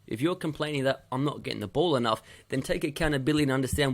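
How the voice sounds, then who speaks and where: A man's voice: mid-range voice, rapid-fire, creaky, hardly any pauses. A male youth football coach giving stern feedback on match video, hammering his points home by repeating them.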